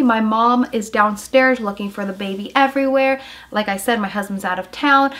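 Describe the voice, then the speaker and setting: A young woman vlogging as a mother, telling a personal story in an emotional, halting way with many fillers. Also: fairly high pitch, fairly bright tone. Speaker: mom vlogger.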